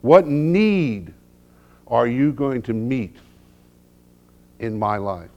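Middle-aged male pastor preaching; lively, unhurried delivery, humorous storytelling, hushed lows and emphatic peaks. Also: lo-fi sound. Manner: swings from hushed low lines to loud emphatic peaks. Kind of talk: sermon.

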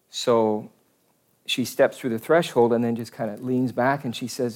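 A priest giving a homily, telling jokes in a conversational storytelling manner with pauses. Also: male voice, mid-range voice, a little mellow.

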